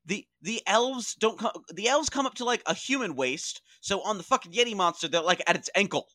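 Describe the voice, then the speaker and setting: Man, casual comedic debate, high voice, bright tone, dry close sound, insistent. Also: animated, fairly quick, no room sound. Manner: insistent, repeats himself, swears for emphasis. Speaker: podcast co-host.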